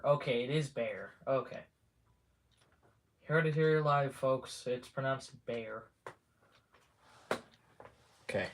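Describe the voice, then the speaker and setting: A man chatting casually on a live stream, rambling and halting, muttering to himself and trailing off between thoughts. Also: medium pitch, a little hiss or hum. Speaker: livestreamer.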